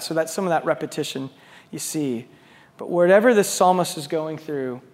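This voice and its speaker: A male pastor with a high, light voice delivers a conversational sermon. He drops to soft, near-quiet stretches and then swells loud and emphatic. The sound carries a long reverb tail from a large hall. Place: church sanctuary with a small live audience.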